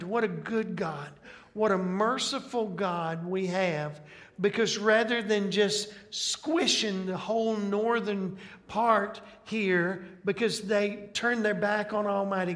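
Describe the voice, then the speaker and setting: Slow, high-voiced Alabama preacher in a reverberant hall. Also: male voice, fairly bright tone. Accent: Southern US, Alabama. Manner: folksy, checks in with "right?". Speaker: preacher, Bible teacher. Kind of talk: sermon.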